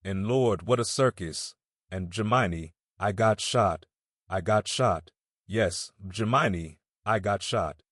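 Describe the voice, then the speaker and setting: A man's voice: fairly low pitch, takes it slowly, fairly bright tone, breathy edge, dry recording, clean studio sound, full character voice. A man voicing a badly wounded young soldier who speaks in a rural dialect, dazed and pleading.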